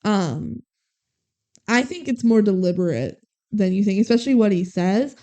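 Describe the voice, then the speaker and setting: A woman's voice: mid-range voice, normal speed. Young woman acting out movie scenes. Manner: animated retelling, acts out lines. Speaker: podcast co-host. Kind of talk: casual movie recap chat.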